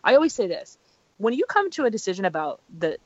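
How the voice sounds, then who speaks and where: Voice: medium pitch, very animated, quick pace, darkish tone, no echo, muffled recording. A relationship consultant giving earnest, emphatic advice as a podcast guest. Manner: earnest, emphatic, many fillers and restarts.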